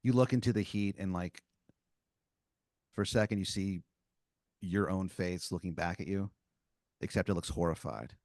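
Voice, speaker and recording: A man's voice: sits low, moderate pace, pauses often, a little mellow, no room sound, studio quality. A man on a comedy podcast improvising a second-person story, rambling with lots of filler words. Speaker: podcast co-host telling a scenario.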